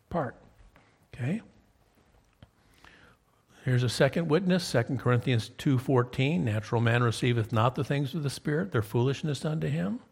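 A man's voice: mid-range voice, gravelly, a little mellow, breathy edge. A man in his fifties preaching a sermon, telling stories in a conversational way and often checking in with "okay?". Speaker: pastor.

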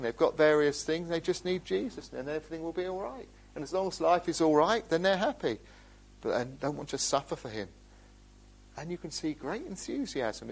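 A man preaching a sermon, earnest, his voice rising for emphasis and dropping low. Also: rough recording.

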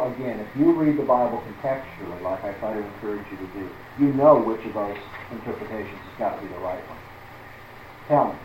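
A man's voice: medium pitch, a little mellow, reverberant, slight background noise, low-quality recording. A man teaching through a Bible passage as a preacher, stressing words one by one and putting questions to his listeners.

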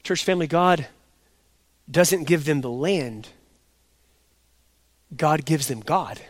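A pastor preaching an expository sermon. He sets loud, emphatic stresses against quiet asides, and he repeats his key points slowly. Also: on the high side, no room sound.

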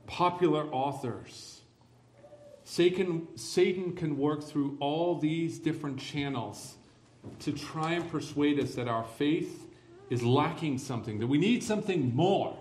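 Pastor, male, fairly high voice, emphatic sermon delivery with sarcastic asides, reverberant room. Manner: emphatic, building to forceful declarations.

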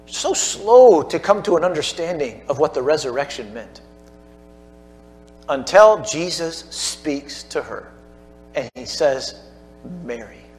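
Man preaching with swelling emphasis. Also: on the high side. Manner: preaching with rising emphasis and soft dropped asides to the congregation. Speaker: pastor. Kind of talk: sermon.

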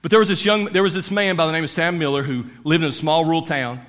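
Conversational preacher in an echoing hall. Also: male voice, fairly high pitch, steady tone, quick pace, fairly bright tone. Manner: conversational, with frequent fillers. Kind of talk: storytelling sermon.

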